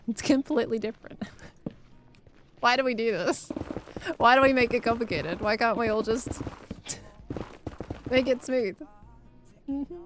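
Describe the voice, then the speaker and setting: Young woman, streamer, casual chat, laughs often, slightly high voice. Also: a little slow, long pauses, background noise. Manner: chatty, laughs often, answers chat messages.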